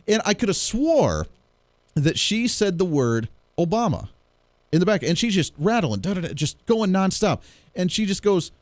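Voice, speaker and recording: A man hosting his own show, telling stories in a casual, animated way and acting out the voices of others. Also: fairly high pitch, fast talker, no room sound. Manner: animated storyteller, acts out quoted voices. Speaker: podcast host. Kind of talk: casual monologue.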